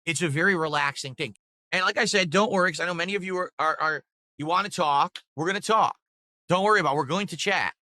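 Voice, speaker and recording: A man's voice: a little high, fast talker, sharp tone. A man chatting casually on a live stream, rambling and repeating himself as he talks to viewers.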